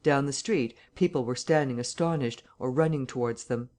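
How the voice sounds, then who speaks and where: A man reading a classic novel aloud as audiobook narration, measured and steady. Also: mid-range voice.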